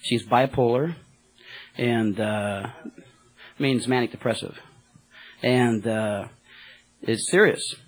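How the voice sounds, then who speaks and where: Husky man telling church testimony. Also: mid-range voice, takes it slowly, long pauses, low-quality recording. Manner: rambling, excited storytelling with many fillers. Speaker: cab driver giving a testimony.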